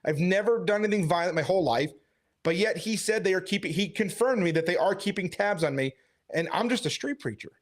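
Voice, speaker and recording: A man who is a street preacher, retelling a conversation in a casual, animated storytelling way. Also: high voice, quick pace. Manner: animated storytelling, quoting others.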